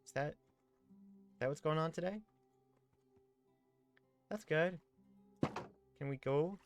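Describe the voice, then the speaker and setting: A man's voice: on the high side, slow pace, faint music behind. A man streaming a game live, chatting casually, reading viewer messages aloud and slipping in and out of a playful role-play. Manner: playful, rambling, reads chat messages aloud.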